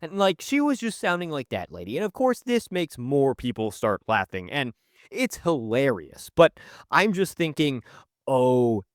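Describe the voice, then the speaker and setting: A man narrating a storytime in an animated, conversational, wry way. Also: fairly high pitch, normal speed, no room sound, clean studio sound. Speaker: storytelling youtuber.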